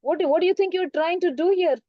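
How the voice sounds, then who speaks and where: A woman's voice: very high voice, quick pace, no room sound, highs cut off, pitched above the performer's own voice. A woman voicing an angry, righteous king who fires indignant questions at a wrongdoer.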